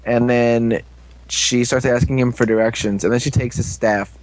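A man's voice: medium pitch, steady tone, moderate pace, low-quality recording. A young man casually recapping a TV episode, rambling, joking and losing his place.

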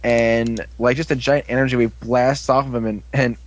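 A man casually recapping a TV episode, rambling with lots of "like"s and quick asides. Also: mid-range voice, flat delivery. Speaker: show recapper.

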